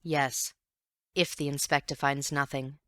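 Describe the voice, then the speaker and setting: A woman voicing a calm, thoughtful gentleman detective who speaks in a grave, measured, earnest way. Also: a bass voice, no echo, studio quality.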